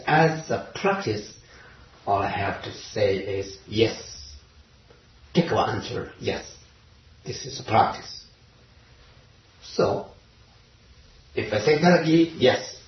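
Halting man giving a distant, roomy dharma talk. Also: medium pitch. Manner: halting, many pauses and fillers, searching for words. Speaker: Zen teacher. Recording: roomy, distant, dull lo-fi recording.

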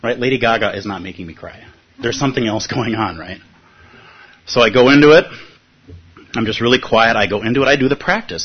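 A man with a husky voice giving a reflective teaching talk, telling a personal story and often checking in with his listeners. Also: medium pitch, fairly quick. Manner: thoughtful, often checks in with "right?". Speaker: meditation teacher. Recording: dull lo-fi recording.

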